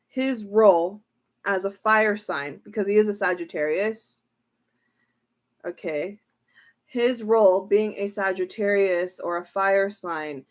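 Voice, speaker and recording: Woman tarot reader, unhurried delivery, excitable and exclamatory, casual stream. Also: mid-range voice. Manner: excitable, exclaiming and repeating herself. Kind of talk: casual tarot reading livestream.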